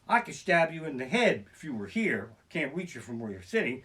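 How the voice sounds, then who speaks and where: A man's voice: medium pitch, very animated, brisk, fairly bright tone. A man doing profane, self-deprecating stand-up comedy, livestreamed from his living room on a barebones home setup. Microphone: barebones home streaming setup.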